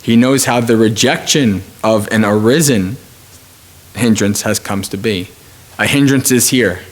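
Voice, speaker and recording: A man's voice: on the low side, a little slow. A man teaching meditation at a retreat, speaking informally and thinking aloud with frequent restarts. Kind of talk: dharma talk at a retreat.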